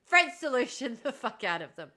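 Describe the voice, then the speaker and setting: A woman reads chat on her casual livestream, replying to viewers with plenty of laughs and sarcastic asides. Her voice sits on the high side with a sharp tone, sing-song and at a moderate pace.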